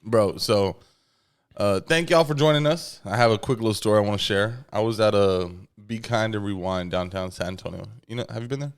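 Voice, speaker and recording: A laid-back man, hosting a casual podcast chat. His voice sits fairly low, and he rambles easily through his stories with lots of fillers. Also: brisk, smooth. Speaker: podcast co-host.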